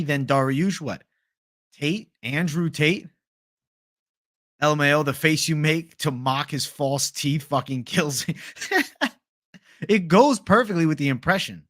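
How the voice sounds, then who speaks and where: A man's voice: on the high side, fairly bright tone. Profane casual male livestream host. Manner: casual, profane, reads chat aloud.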